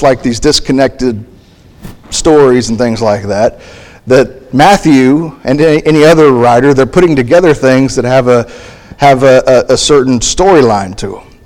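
A man preaching a sermon in a halting, thinking-aloud way, often restarting his phrases and reading scripture aloud. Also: medium pitch, a little mellow. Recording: long hall reverb.

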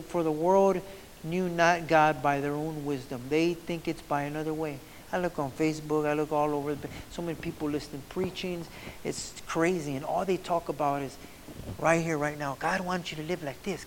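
A man's voice: fairly high pitch, steady tone, moderate pace, fairly bright tone, slight background noise. A man preaching a sermon in a fervent, repetitive way, often restarting mid-phrase. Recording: long hall reverb.

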